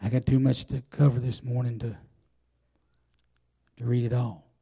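An older man preaching a sermon, telling a personal testimony in a folksy, drawn-out way. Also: medium pitch, level tone, vocal fry, warm tone, breathy edge. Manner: folksy storytelling, drawn-out pauses. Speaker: pastor.

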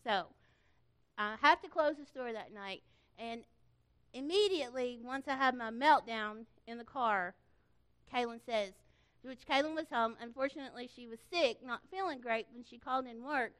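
A middle-aged woman speaking to a church gathering in an informal way, telling a story in an animated, folksy manner and earnestly thanking the volunteers. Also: fairly high pitch, normal speed. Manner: animated storytelling, acting out quoted voices.

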